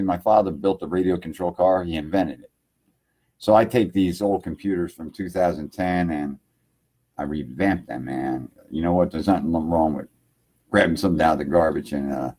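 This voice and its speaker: Husky low-voiced guy rambling on a home livestream, dark tone, keeps saying man. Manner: rambling, loose, fills lines with "man". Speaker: internet radio host. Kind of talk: casual livestream chat. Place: home computer setup.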